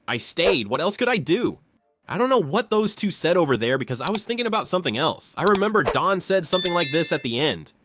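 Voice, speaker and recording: A man's voice: fairly high pitch, big pitch swings, a little fast, fairly bright tone. A man narrating a comic story in casual spoken style, doing the other characters' voices himself, with crude slang and a habit of saying "man". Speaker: storyteller voicing all the characters.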